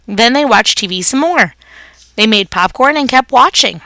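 A woman's voice: on the high side, animated, moderate pace, bright, forceful tone, no room sound. A woman reading a children's story aloud, narrating expressively as a pet hamster.

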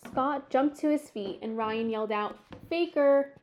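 A woman narrating a children's sports story in a measured, expressive storytelling way. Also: on the high side, slight background noise. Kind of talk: audiobook narration.

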